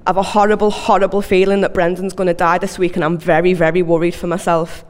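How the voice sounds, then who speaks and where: A woman's voice: lowish voice, little pitch movement, quick pace. A woman performing spoken word live, a rambling, anxious, repetitive monologue. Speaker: poet. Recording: long hall reverb.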